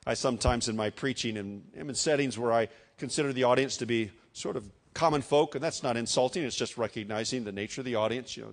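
An older man from Iowa delivers a sermon from the pulpit. He presses his points with rhetorical questions and slows to a solemn, measured pace when reading hymn text. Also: medium pitch. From Iowa, United States. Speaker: preacher.

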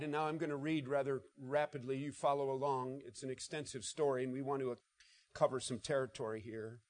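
A man's voice: mid-range voice, steady tone, a little mellow. A man preaching a sermon, reading scripture aloud with swelling intensity and breaking into conversational asides to the congregation. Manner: reads scripture aloud with rising intensity, slowing for emphasis.

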